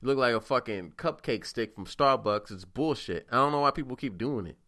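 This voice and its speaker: A man's voice: mid-range voice, animated, fairly quick, sharp tone, dry recording, clean studio sound. A man hosting a podcast, telling stories in a rambling, profane, casual monologue. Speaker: podcast host.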